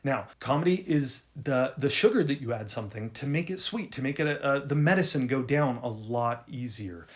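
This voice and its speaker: A young man hosting a video on writing, telling an embarrassing story in an animated, self-deprecating way with frequent restarts. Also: mid-range voice, normal speed, few pauses. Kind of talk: casual storytelling to camera.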